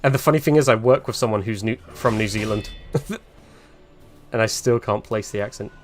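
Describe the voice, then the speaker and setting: A man's voice: on the low side, a little fast, soft background music. A man commentating casually while live-streaming a game, chatty and rambling, laughing often and grumbling about the fight.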